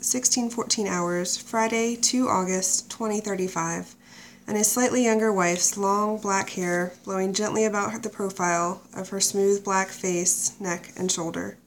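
A woman's voice: medium pitch, rough recording. Brief: female audiobook narrator, mid-range voice, faint hiss in the background.

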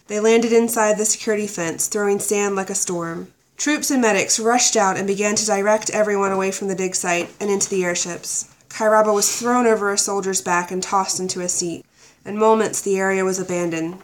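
A woman reading a thriller excerpt aloud in a steady, even storytelling manner. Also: mid-range voice, slight background noise. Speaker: narrator. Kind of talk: audiobook narration.

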